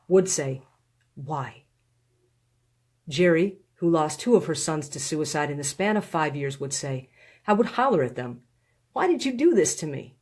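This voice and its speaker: A woman reading her own book aloud in a live stream, pleading and heartfelt, with slow, deliberate phrasing. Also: low voice, a little mellow. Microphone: phone or webcam on a live stream.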